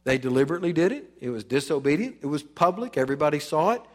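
A man preaching a sermon in a church, dramatic and emphatic, acting out the voices he quotes and swinging from loud to soft. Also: fairly high pitch, sing-song, very fast, in a large hall. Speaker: pastor. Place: church sanctuary.

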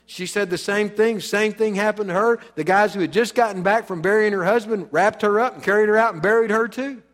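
Man, pastor, dramatic sermon delivery, somewhat high voice, long church reverb. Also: brisk. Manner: dramatic preaching, acting out quoted voices, big swings in loudness. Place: church sanctuary.

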